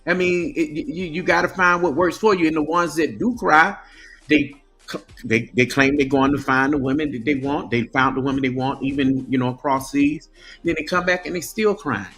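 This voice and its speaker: A man talks loosely on a live stream, tripping over his words and starting over. His voice sits a little high. Faint music plays underneath. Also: steady tone, moderate pace, fairly bright tone. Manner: stammering, restarts often. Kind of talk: casual live-stream chat.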